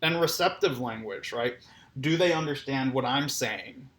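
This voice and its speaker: A man's voice: mid-range voice, measured pace, a bit bright. A man giving a conversational lecture on clinical assessment, often checking in with "right?". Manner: conversational, keeps asking "right?". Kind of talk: recorded lecture.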